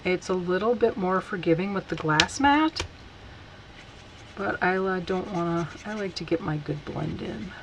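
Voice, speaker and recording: A woman teaching a casual stamping tutorial, chatty and unhurried as she talks while working. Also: on the low side, background noise. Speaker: card-making instructor.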